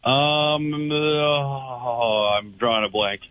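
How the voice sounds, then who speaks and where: A man calling in to a radio show, excitable and animated. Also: mid-range voice, very slow, no echo. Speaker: caller. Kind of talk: phoned-in radio call. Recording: muffled phone call.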